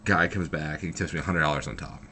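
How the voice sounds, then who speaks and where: Young guy with a super deep voice rambling thru a story, lots of "like", swears a bit. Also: quick pace, bright, forceful tone, slight background noise. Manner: rambling, loose, heavy on fillers and swearing. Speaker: vlogger. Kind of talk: casual storytelling.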